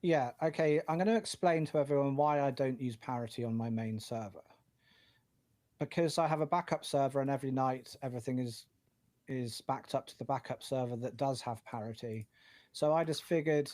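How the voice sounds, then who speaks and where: A man's voice: mid-range voice, darkish tone. A British man co-hosting a tech podcast, chatting casually and rambling a little as he explains his setup. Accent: British English. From United Kingdom. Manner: chatty, rambling, with many fillers. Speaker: podcast co-host.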